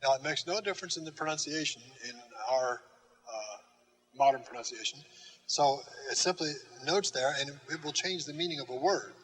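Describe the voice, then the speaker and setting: Older man teaching, unhurried with fillers. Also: on the high side, a bit bright, poor audio. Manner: slow and deliberate, with many "uh" fillers, repeating key words. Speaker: Greek teacher. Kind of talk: recorded classroom lecture.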